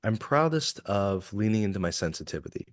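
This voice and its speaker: A man's voice: on the low side, sing-song, brisk, no room sound, clean studio sound. A man from Kentucky, an executive coach talking earnestly and reflectively as a guest in a podcast interview. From Kentucky, USA. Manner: earnest, reflective, open about feelings.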